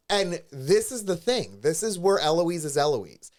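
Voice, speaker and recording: A man's voice: fairly high pitch, animated, normal speed, hardly any pauses, a little mellow. A man co-hosting a podcast, telling a story animatedly in casual chat and acting out the voices of the people he quotes. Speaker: podcast co-host. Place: studio with a live stream.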